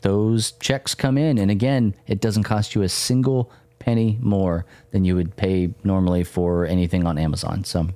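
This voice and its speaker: A man's voice: deep voice, steady tone, normal speed, warm tone, dry recording. A man co-hosting a podcast in casual chat, jokey and rambling. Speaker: podcast co-host.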